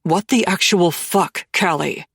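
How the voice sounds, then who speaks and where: A cold, smooth young mafia boss, voiced by a woman narrator, speaking in curt, stern lines. The delivery is unhurried and dry, with no room around it. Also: fairly low pitch, fairly bright tone, dry recording, full character voice.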